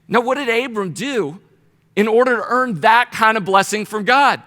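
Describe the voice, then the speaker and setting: A man leads a Bible study in a casual, storytelling sermon, full of lively asides and playful voices. His voice sits high and bright. Long reverb from the hall trails behind each phrase. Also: normal speed. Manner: animated storyteller, slips into playful paraphrased voices.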